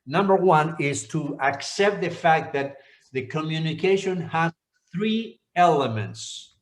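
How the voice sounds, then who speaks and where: An older pastor from Argentina speaks to a congregation at a slow, deliberate pace, repeating key points as he teaches. His voice sits a little high for a man. The sound rings around a reverberant church hall. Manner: unhurried, repetitive, teaching tone. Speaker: pastor and seminar presenter. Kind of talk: church seminar talk.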